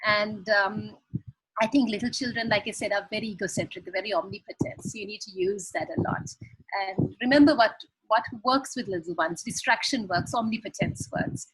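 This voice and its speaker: Sri woman, husky and dry-sounding, earnest guest expert on a video call. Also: mid-range voice, a little fast, fairly bright tone, no room sound, rough recording. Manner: earnest, explains with examples. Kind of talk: advice talk on a video call.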